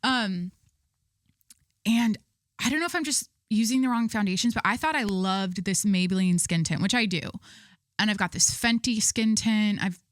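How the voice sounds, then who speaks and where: A woman's voice: mid-range voice, normal speed, no room sound, studio quality. A young woman hosting her own podcast, telling stories in a rambling, chatty way full of fillers. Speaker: podcast host. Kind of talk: casual chat.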